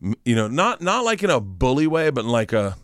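A middle-aged man, a comedian guest, telling stories in an animated, profane way and acting out the voices, wired on too much coffee. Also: medium pitch, brisk, no room sound, studio quality. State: over-caffeinated, rattling on. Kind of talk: casual storytelling chat.

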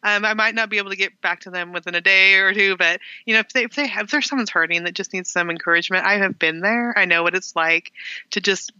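A middle-aged woman speaks as a guest author, earnest and often laughing between phrases. Her tone is very bright and dry, close to the mic. The recording sounds a little dull and lo-fi. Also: medium pitch, quick pace, clear, resonant tone, no echo. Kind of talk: casual interview chat.

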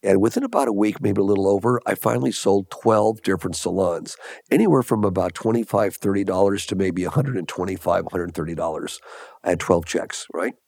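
A man's voice: deep voice, a little fast, creaky, no room sound, studio quality. An older man from Los Angeles, a guest entrepreneur telling stories in an interview and acting out the dialogue of the people in them. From Los Angeles, USA. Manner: animated anecdotes with lively quoted dialogue. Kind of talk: storytelling interview answers.

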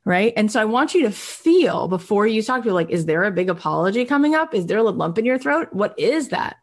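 Energetic woman coaching on sales. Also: mid-range voice, fairly quick. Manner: energetic, conversational, acts out little dialogues. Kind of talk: coaching talk.

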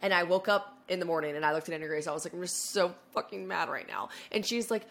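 A young woman co-hosting a podcast in casual chat, congested and short of voice from a cold, talking in quick, chatty runs full of "like" and acted-out quotes. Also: fairly low pitch, expressive, vocal fry, a bit bright, a little hiss or hum. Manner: chatty, peppered with "like", acts out quotes. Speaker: podcast co-host.

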